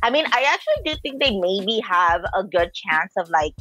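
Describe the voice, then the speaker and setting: A woman's voice: mid-range voice, very animated, normal speed, pushed and bright, dull audio, faint music behind. Chatty woman reviewing wrestling. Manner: chatty, frequent "like" fillers, exasperated opinions. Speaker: podcast co-host. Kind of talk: casual wrestling review chat.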